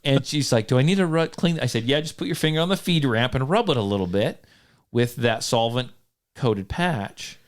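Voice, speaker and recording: A man's voice: mid-range voice, lively intonation, moderate pace. A man hosting a casual podcast, telling a story with frequent laughter and self-mocking humor. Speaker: podcast host. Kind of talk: casual chat. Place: home studio.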